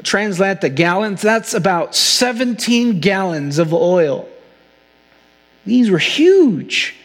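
A man preaching a sermon as pastor, earnest and slowing down to stress key phrases. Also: high-pitched, animated, in a large hall. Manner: earnest preaching, slows for emphasis.

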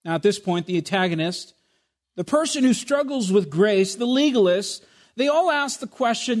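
A man's voice: high voice, animated, normal speed. A man pastor preaching a sermon with emphatic rhetorical questions, addressing his congregation as "my beloved.". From Spanish heritage.

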